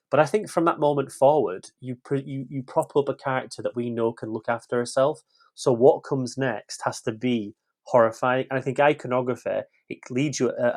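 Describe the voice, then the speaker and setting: A man talks through a film review in a loose podcast chat. He is blunt and curses freely, tripping over his own restarts. His voice sits at an ordinary middle pitch. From West Yorkshire, England. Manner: frank and blunt, swears freely, tumbling restarts.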